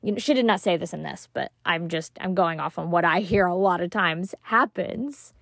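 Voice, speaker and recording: A woman's voice: lowish voice, normal speed, gravelly, dry recording, clean studio sound. A woman hosting a parenting-coach podcast, talking emphatically and casually, sometimes acting out what stressed moms say. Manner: animated, emphatic, acts out quoted moms; casual, swears now and then. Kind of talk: motivational solo podcast talk.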